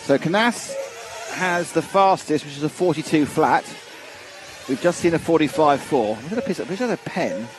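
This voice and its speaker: A man's voice: fairly high pitch, lively intonation, normal speed, noisy background. A man commentating live on a model car race, chatty and jokey, thinking aloud as he goes.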